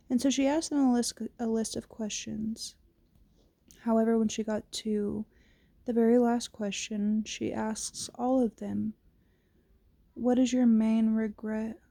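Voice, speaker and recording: A woman's voice: fairly high pitch, steady tone, vocal fry, warm tone, no room sound. A woman vlogging casually to camera, reflective and candid, with a fresh-from-sleep morning voice. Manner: slow, reflective, casual with swearing.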